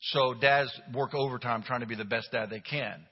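A middle-aged man, a pastor, delivering a sermon with humorous, animated storytelling. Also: medium pitch, normal speed, slightly rough. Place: church sanctuary. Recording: dull recording with long hall reverb.

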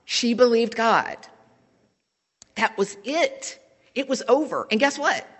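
A woman's voice: fairly high pitch, expressive, takes it slowly, husky. A woman preaching a sermon in a church, speaking in a conversational, candid way and telling stories. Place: church sanctuary. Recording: long church reverb.

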